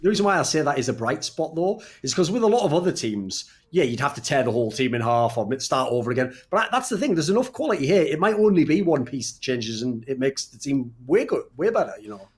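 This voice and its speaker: A man's voice: mid-range voice, sing-song, fast, hardly any pauses. A man talking on a casual podcast as a guest, blunt, profane and teasing.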